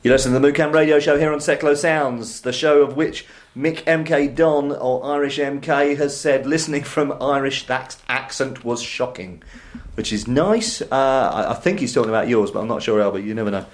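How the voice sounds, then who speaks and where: A man's voice: medium pitch, moderate pace, slight background noise. A man hosting a casual fan radio show in a small studio, with dry, self-mocking banter.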